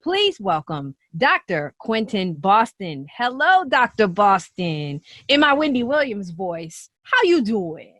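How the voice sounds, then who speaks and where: Woman podcast host, playful and chatty, animated pitch. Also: slow pace, few pauses, no room sound. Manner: upbeat, playful, laughs often. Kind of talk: casual podcast chat.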